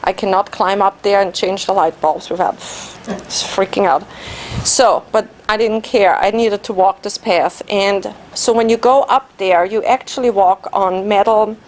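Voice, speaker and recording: A woman whose first language is German, giving an animated personal story speech at a club meeting and laughing at herself. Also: mid-range voice, measured pace, slight background noise. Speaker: Toastmasters speaker.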